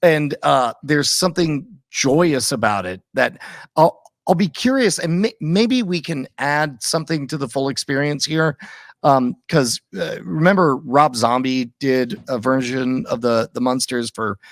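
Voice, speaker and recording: A man co-hosting a podcast, reflecting casually and haltingly on an old sitcom. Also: medium pitch, no echo, studio quality. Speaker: podcast co-host. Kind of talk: casual chat about a TV episode.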